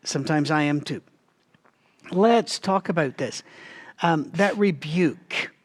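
Man with a slightly high voice for a relaxed, lively Bible-study teaching read, addressing the audience directly. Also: slow. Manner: animated, talks to listeners directly, frequent restarts.

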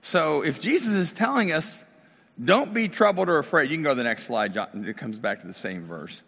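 Gravelly-voiced middle-aged pastor in a hall. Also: male voice, mid-range voice, expressive, a little fast, bright, forceful tone. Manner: casual, talks directly to the congregation. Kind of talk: conversational sermon.

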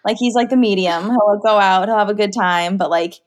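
A woman's voice: mid-range voice, brisk. A woman from California, a pet-owner guest in a casual interview, talking in a bubbly, giggly way with lots of "like". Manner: bubbly, giggly, heavy use of "like".

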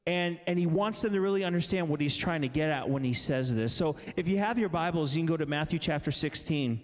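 Chatty, self-deprecating male preacher, fairly high voice, long hall reverb. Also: animated, fairly quick. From Massachusetts, raised in Indianapolis. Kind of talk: conference sermon with storytelling.

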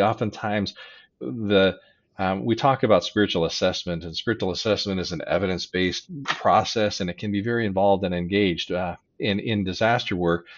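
A middle-aged man, a chaplain, telling stories in an unhurried, halting way, often chuckling. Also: low-pitched, muffled recording. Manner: unhurried, halting, chuckles softly while recalling. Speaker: hospital chaplain and disaster volunteer. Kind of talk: reflective storytelling in conversation.

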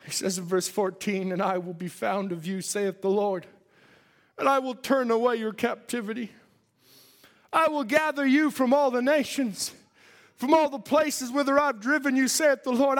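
High-voiced fervent man preaching in a hall. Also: normal speed. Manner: fervent, preachy, quoting scripture in old-style English. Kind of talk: sermon.

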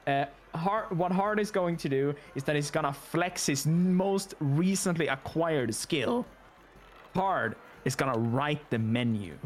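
Brief: male tabletop player, slightly high voice, very slow and lively. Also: faint music behind. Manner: slow, drawn-out explaining. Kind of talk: tabletop game play.

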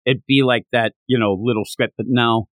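A man co-hosting a podcast, chatting casually about a manga chapter and acting out characters' lines in quick voices. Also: mid-range voice, steady tone, dry recording. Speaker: podcast co-host.

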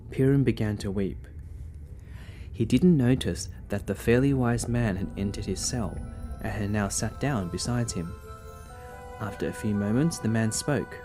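Male storyteller, gentle dramatic reading of a fable, soft music underneath. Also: on the low side, a little slow. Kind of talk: scripted narration of a story.

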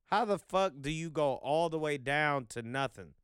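A man's voice: on the high side, expressive, moderate pace, a bit bright, smooth, no room sound, studio quality. A man hosting a vlog, talking in a loose, profane, rambling monologue full of fillers. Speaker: vlog host.

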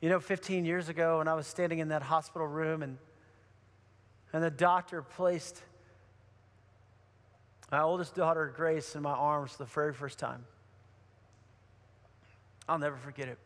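A middle-aged male pastor preaching a sermon in a casual, animated storytelling way. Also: fairly high pitch, normal speed, pauses often, big-room sound.

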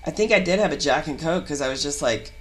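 A woman actor talking in a casual podcast chat, her voice sitting a little low. She tells stories in an animated way and breaks into laughs between excited bursts. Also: fast. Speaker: guest actor.

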